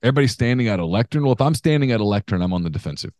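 A man co-hosting a sports podcast, telling stories in an animated, emphatic way. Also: medium pitch, rapid-fire, dry recording, studio quality. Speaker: podcast co-host. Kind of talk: casual sports talk.

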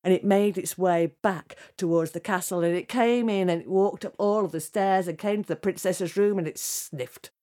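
A woman storyteller spinning a fairy tale for children. She is lively and dramatic, speeding through the action and slowing to a hush for the tense parts. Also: mid-range voice. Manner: lively, dramatic, drops to hushed tones for suspense.

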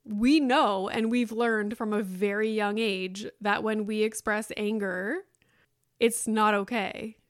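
A woman's voice: mid-range voice, fairly even intonation, slow, no room sound. A woman in her thirties talks frankly on her solo podcast, swearing freely and putting on sing-song mocking voices for other people. Her voice sits in an ordinary middle register. It is recorded dry and close, with no room sound. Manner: candid, frank and profane, with mocking quoted voices. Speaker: podcast host. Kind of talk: casual solo podcast talk.

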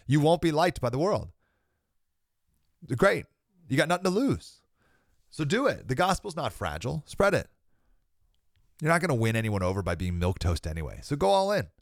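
A young man gives an emphatic preaching monologue as a podcast host, his pitch leaping high and dropping low as he drives each point home. He sounds slightly sick with a cold and laughs briefly between thoughts. The recording is close and dry, with no room sound. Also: no echo.

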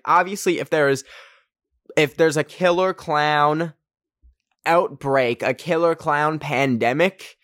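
Hosting a podcast, a young man from Canada animatedly recounts a casual story, peppering it with "like" and raising his voice to act out quotes. The voice sits a little high, and the clean studio recording has no room sound.

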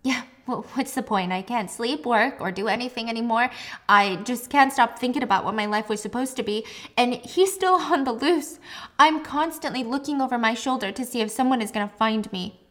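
A tearful, traumatized young woman stumbles through her memories between sobs, voiced by a woman storyteller. Her delivery is halting and raw, held slightly quieter than normal talk. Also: on the high side, lightly acted. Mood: despairing. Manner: halting, emotional retelling. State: crying.

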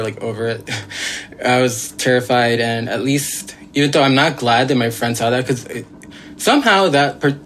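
A man of ordinary pitch relays his own eerie experience as a guest, circling back on himself with fillers and half-finished words. He speaks earnestly and a little insistently, as if pressing to be believed. A faint bed of music sits under his voice. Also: a bit bright. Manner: rambling, full of fillers and restarts. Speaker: guest telling his own encounter story. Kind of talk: casual spoken storytelling.

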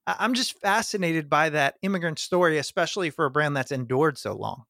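A man's voice: fairly high pitch, animated, creaky, sharp tone, no echo, clean studio sound. Curious man asking interviewer questions. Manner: curious, thoughtful questioner with pauses. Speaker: interview host.

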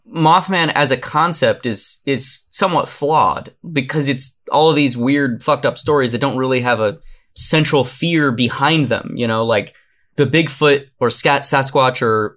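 Male podcast host, mid-pitched, casual and rambling, reads notes now and then. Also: fairly bright tone. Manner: loose and rambling, with much swearing. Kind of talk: casual chat, partly reading a summary.

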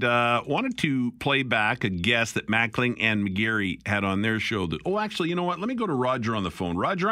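A man's voice: mid-range voice, bright, forceful tone, no echo, clean studio sound. A man hosting talk radio, reading listener messages in a chatty, wry way. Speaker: radio host. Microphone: studio microphone.

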